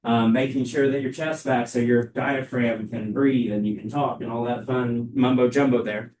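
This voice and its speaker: A young man giving a live sales training talk to a room of colleagues, with a loud, energetic, emphatic delivery. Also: medium pitch, moderate pace, slight background noise. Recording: echoey room, mic far off.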